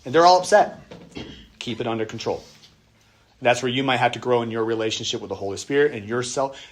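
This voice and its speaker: A man with a mid-range voice talks quickly as a pastor leading a church parenting workshop. His style is casual and conversational, and he sometimes imitates the voices of kids and parents.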